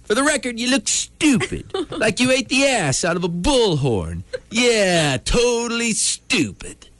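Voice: mid-range voice, sing-song, measured pace, fairly bright tone. An actor playing a spiteful, crude mailman who mocks a dog. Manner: crude, scornful.

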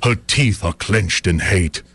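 A man's voice: deep voice, creaky, fairly bright tone, slightly rough, no room sound. A man performing a comic poem to a live audience in a mock-epic, rhythmic style. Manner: mock-epic poetic delivery with rhythmic pauses. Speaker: comedian. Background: audience laughter.

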